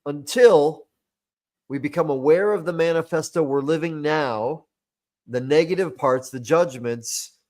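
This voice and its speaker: A man's voice: a little high, measured pace, darkish tone. A man, a personal growth coach, explaining his method step by step in a podcast conversation, using homely metaphors.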